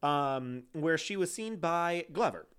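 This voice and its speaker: A man co-hosting a chatty true-crime podcast, his voice sitting a little high and swinging up and down in pitch as he reads. He breaks off from the case notes for joking asides and laughs often. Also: animated, slow pace, a bit bright, clean tone. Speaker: podcast co-host.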